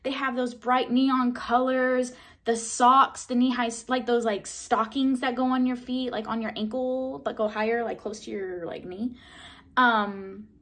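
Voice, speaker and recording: Chatty young woman telling a story. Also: a little slow. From Southern California. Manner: chatty, full of "like" fillers and mild swearing; acts out her own past excitement in high bursts. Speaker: vlogger. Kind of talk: casual storytelling vlog.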